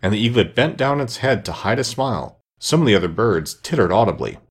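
A man's voice: fairly low pitch, very animated, brisk, slightly rough. A man reading a classic children's story aloud, narrating expressively. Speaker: reader.

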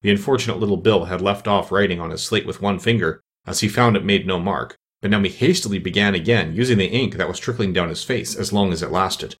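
A man's voice: sits low, fast talker, hardly any pauses, fairly bright tone. A man narrating a children's storybook as an audiobook, reading expressively.

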